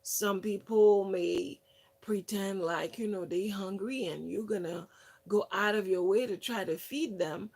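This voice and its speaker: Woman, casual storytelling, slow, gravelly, rambling with fillers. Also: medium pitch. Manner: rambling, many fillers and restarts; lively retelling of others' words. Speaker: wellness channel host.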